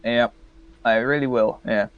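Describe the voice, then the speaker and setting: A man chatting casually and joking at a tabletop game table. His voice sits at a middle pitch and is recorded close and dry, with no room sound. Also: steady tone, a little slow, dry recording, lo-fi sound. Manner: jokey, laughs often. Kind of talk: casual tabletop play chat.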